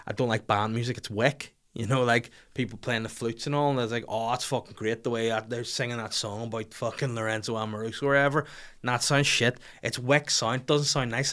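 A man's voice: mid-range voice, fairly bright tone. A man hosting a podcast, delivering a sardonic, profane comedic rant. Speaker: podcast host.

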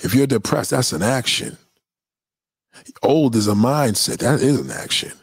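A man's voice: medium pitch, big pitch swings, normal speed, husky, dry recording. A man giving blunt, profane opinions in a casual, emphatic rant, often repeating himself. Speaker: commentator.

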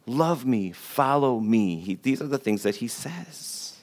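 A man's voice: medium pitch, lively intonation, a little slow, few pauses. Conversational man preaching a sermon. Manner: conversational, repeats words for emphasis, jokes with the congregation. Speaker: pastor.

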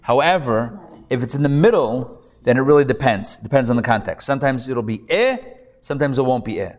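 A man's voice: mid-range voice, expressive, a little fast. A man, a rabbi, teaching a live Hebrew reading class, patiently drilling pronunciations with his students. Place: classroom hall with a live audience. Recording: reverberant hall recording.

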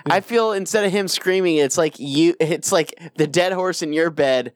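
A man with a slightly high voice tells stories on a podcast, swearing casually and acting out his own reactions. The recording is dry and close. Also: normal speed, no room sound. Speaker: podcast co-host. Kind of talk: casual storytelling banter.

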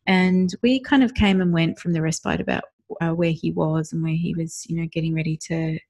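A woman's voice: sits low, fairly even intonation, brisk, darkish tone. A middle-aged woman co-hosting a podcast, telling a personal story in a reflective, casual way and often laughing. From Australia. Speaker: podcast co-host. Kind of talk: casual chat.

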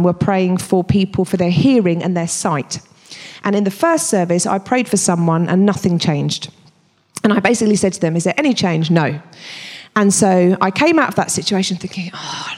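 A woman preacher delivering a sermon in an expressive, emphatic storytelling manner. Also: medium pitch. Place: church. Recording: reverberant church hall.

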